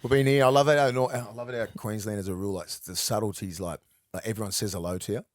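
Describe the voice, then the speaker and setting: A man's voice: lowish voice, fast, dry recording, clean studio sound. An Australian man in his forties, co-hosting a podcast in casual sports chat, telling stories with plenty of swearing. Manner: swearing, animated storytelling. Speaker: podcast co-host.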